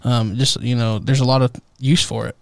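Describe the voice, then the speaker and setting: A man's voice: mid-range voice, level tone, normal speed, creaky, no echo. A man co-hosting a casual podcast, joking around and hedging with lots of fillers. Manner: playful, hesitant, filler-heavy. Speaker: podcast co-host. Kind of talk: casual chat.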